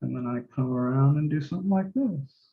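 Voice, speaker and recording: Gravelly-voiced man teaching math casually. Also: medium pitch, fairly quick. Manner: casual and relaxed, talks through each step, occasional mild swearing. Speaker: math instructor. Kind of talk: office-hour lesson, thinking aloud while drawing. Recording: roomy, dull lo-fi recording.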